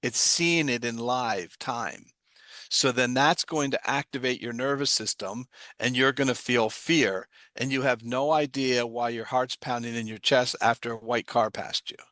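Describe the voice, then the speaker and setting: A man's voice: medium pitch, measured pace, bright, forceful tone. Guy explaining stuff, keeps asking questions then answering them, dry no-echo sound. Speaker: guest speaker on trauma. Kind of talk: explanatory talk. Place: online livestream.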